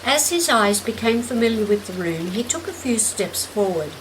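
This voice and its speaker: A woman narrating a short story in a measured, gentle way. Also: a little high, background noise. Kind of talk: scripted narration. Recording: steady rain in background.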